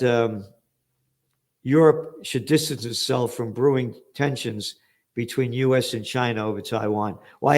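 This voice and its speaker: An older American man hosting an opinionated current-affairs commentary, blunt and profane with sarcastic outbursts. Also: mid-range voice. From United States. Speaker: host.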